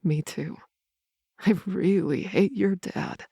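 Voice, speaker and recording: A woman's voice: lowish voice, measured pace, a little mellow, no room sound, clean studio sound. A woman voicing a protective young werewolf man. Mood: earnest. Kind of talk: audiobook character reading.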